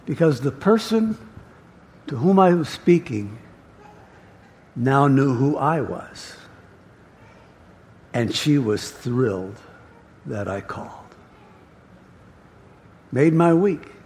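Slow, animated male pastor preaching. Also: mid-range voice, slight background noise. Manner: emphatic, halting with repeated words. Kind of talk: sermon. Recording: reverberant church hall.

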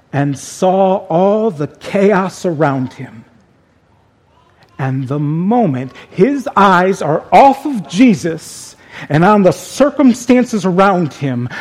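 A man preaching a sermon as pastor, speaking slowly and deliberately with dramatic pauses. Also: sits high, a little mellow.

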